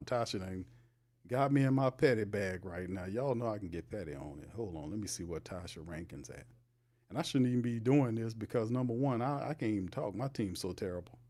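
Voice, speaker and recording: A man's voice: medium pitch, warm tone. A man hosting a casual livestream sports show, talking loosely in slang and teasing viewers in the chat. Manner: loose slangy talk with frequent laughs.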